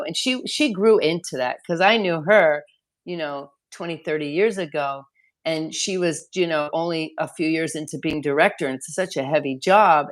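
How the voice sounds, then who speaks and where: Earnest female center director with a deep, low voice, rambling and repeating herself in an interview. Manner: earnest, rambling, repeats words mid-thought. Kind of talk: conversational interview.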